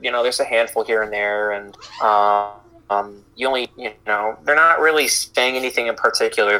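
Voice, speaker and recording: Brief: man game master, casual, halting narration, bright and clear tone. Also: mid-range voice, low-quality recording. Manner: casual, halting, many fillers.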